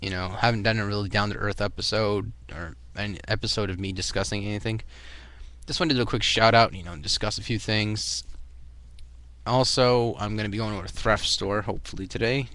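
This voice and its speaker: A young man with a Boston accent talks casually to his vlog viewers. His voice sits a little low but comes across bright and forceful. He rambles along, with plenty of fillers and restarts. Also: fairly even intonation, brisk, dry recording. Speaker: vlogger.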